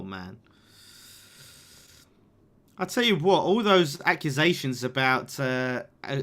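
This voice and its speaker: A young man hosting a live football watchalong, reacting to the game, swearing and reading out viewer messages. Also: medium pitch. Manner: chatty, swears, reacts loudly to the game and reads super chats. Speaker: fan channel watchalong host. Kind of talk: live match watchalong commentary.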